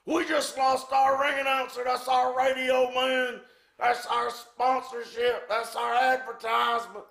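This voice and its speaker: A man voicing an exasperated injured male wrestling promoter who shouts and curses. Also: very high voice, little pitch movement, unhurried, gravelly, echoey room, voice pushed up, full character voice. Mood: exasperated shouting. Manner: shouting, pleading, cursing.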